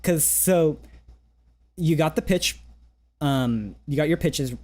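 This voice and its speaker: A man's voice: on the high side, slow pace, slight background noise. Give me a hesitant male vocal coach. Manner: gentle, hesitant, lots of restarts and fillers; sings short scale demos. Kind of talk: casual vocal lesson over a call.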